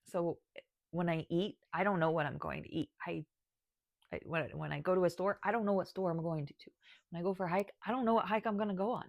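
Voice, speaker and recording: A woman's voice: fairly low pitch, steady tone, fast, gravelly, no room sound, dull audio. A woman talking to camera about her spiritual path, emotional and choking up, sighing and restarting as she speaks. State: tearful. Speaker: spiritual guide and video creator. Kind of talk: personal talk to camera.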